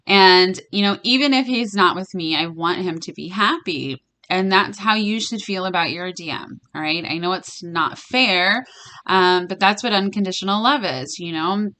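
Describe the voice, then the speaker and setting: A young woman chatting casually in a tarot reading vlog, blunt and quick to swear, laughing often. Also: medium pitch, pushed and bright. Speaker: tarot reader and vlogger.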